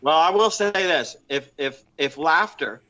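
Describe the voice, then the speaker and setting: Bright-voiced chatty man in his fifties. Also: a little high, lively intonation, a little slow, dull audio. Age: 50s. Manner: chatty, explanatory, with frequent restarts. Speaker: podcast co-host. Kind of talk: casual podcast chat.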